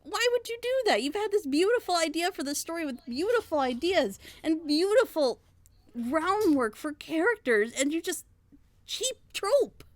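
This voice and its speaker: A woman's voice: very high voice, big pitch swings, moderate pace. A woman in a casual group chat, ranting with energy and acting out quoted lines. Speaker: reaction video co-host.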